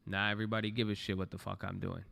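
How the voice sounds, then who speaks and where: A man's voice: on the low side, little pitch movement, racing, vocal fry, a bit bright. A young man trading stocks on a livestream, talking bluntly to his chat and swearing freely. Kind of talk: casual livestream commentary.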